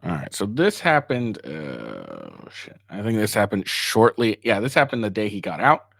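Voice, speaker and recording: A man's voice: fairly low pitch, sing-song, moderate pace, creaky, fairly bright tone, no room sound, studio quality. A man giving casual, rambling commentary, full of swearing, fillers and restarts, and mocking when he paraphrases others. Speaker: online commentator.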